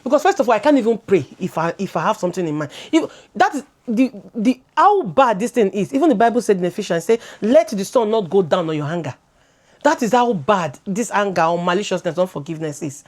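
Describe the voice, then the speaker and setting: Nigerian woman in animated casual chat. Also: mid-range voice, fairly quick. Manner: animated, switching into Pidgin, laughing, repeating words as she goes. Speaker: co-host.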